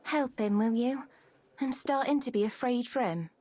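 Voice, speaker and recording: A woman's voice: a little high, normal speed, warm tone, no room sound, lightly acted. An actress voicing a flirty, guarded bathhouse woman in a video game, with a Welsh accent. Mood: worried. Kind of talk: game voice acting.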